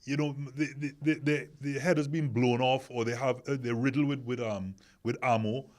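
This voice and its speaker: A man hosts a casual podcast discussion, asking questions and driving his point home by repeating words. His voice is medium in pitch with fairly even intonation, a normal speed, and a darkish tone.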